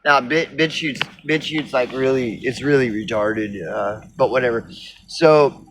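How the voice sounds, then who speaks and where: A man's voice: medium pitch, measured pace, background noise. A man ranting casually on his video blog, rambling and sardonic with lots of swearing. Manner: rambling, profane, sardonic, many fillers. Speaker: video blogger. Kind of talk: casual rant.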